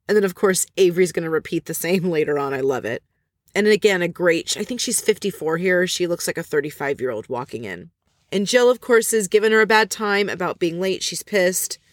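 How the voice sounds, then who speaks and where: A woman's voice: lowish voice, dry recording, studio quality. Gossipy woman recapping reality TV. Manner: chatty, gossipy, opinionated storytelling. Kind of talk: casual recap commentary.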